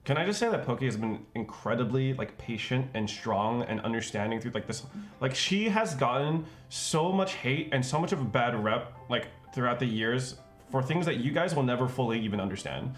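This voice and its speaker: A man's voice: medium pitch, animated, moderate pace, faint music behind. A young man, a streamer co-host, talking earnestly in casual chat and leaning on filler words. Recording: roomy echo.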